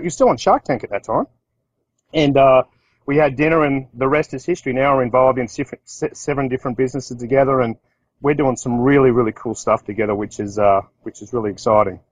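A man's voice: mid-range voice, a little fast, no room sound, low-quality recording. Australian man telling rambling business anecdotes. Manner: rambling anecdotes with restarts, acts out quotes. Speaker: business owner. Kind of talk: casual storytelling talk.

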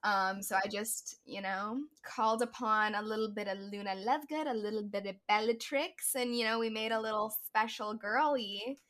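A woman's voice: medium pitch, moderate pace, hardly any pauses. A woman actress, a guest on a casual podcast, telling stories and quoting people as she goes. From United States. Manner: animated storyteller, quotes people.

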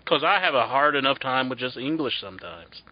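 A man with a West Virginian accent rambles through a casual podcast chat, full of restarts. His pitch swings widely. The audio is dull and lo-fi. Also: animated, brisk, dry recording. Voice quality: rambling, with many restarts and frequent "mm-hmm". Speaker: podcast co-host.

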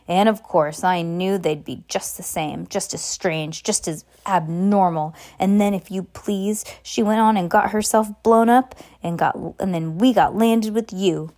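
A woman's voice: mid-range voice, unhurried, few pauses, darkish tone, natural voice. A woman voicing a bitter, resentful middle-aged aunt who rants spitefully, in an amateur audiobook reading. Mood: bitter ranting. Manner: ranting and spiteful.

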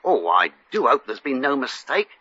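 A flustered, stammering hotel clerk. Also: male voice, medium pitch, very animated, normal speed, bright, forceful tone, a little hiss or hum. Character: nervous, fawning resort hotel clerk. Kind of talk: 1940s radio comedy acting. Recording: dull lo-fi old radio recording.

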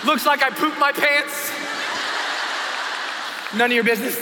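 High-voiced, shouting motivational speaker man. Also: unhurried, echoey room, in a large hall, a loud crowd, very noisy. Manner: animated, shouting, bursts of screaming. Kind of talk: storytelling speech on stage.

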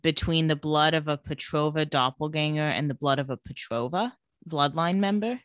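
A woman's voice: deep voice, moderate pace, dry recording, muffled recording. A woman co-hosting a podcast, casually retelling plot step by step and asking her co-host questions. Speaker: podcast co-host recapping a TV episode. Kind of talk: casual chat.

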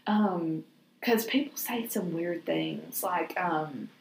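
A woman's voice: fairly low pitch, takes it slowly, creaky, roomy sound, slight background noise, low-quality recording. A woman, co-hosting a faith podcast in a chatty, laughing, often sarcastic way. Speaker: podcast co-host. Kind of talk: casual faith podcast chat.

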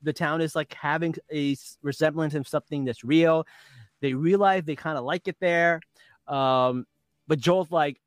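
A man with a somewhat high voice retells scenes in casual podcast chat, acting out the quotes and laughing often. The sound is dry and close to the mic. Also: moderate pace, no echo. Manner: animated storyteller, acts out quotes and laughs often. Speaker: podcast co-host. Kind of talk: casual chat, recapping an episode.

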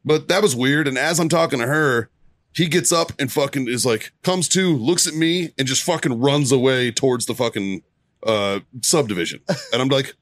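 A man's voice: medium pitch, moderate pace, no room sound. A man telling a story with lots of swearing and frequent laughs in a casual podcast chat among friends. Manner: profane, laughing often, animated retelling. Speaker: podcast co-host.

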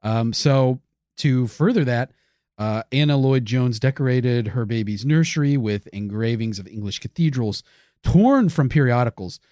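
Man, podcast co-host, crude jokes, swooping lively pitch, dry close sound. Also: moderate pace, no echo. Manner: joking, crude, reads notes with many fillers. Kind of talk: comedic history podcast chat.

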